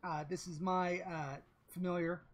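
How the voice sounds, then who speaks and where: A woman's voice: on the low side, level tone, measured pace. A woman voicing a polite, flustered man in a tabletop game, stumbling over her words. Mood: apologetic. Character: polite, flustered adult man introducing his familiar.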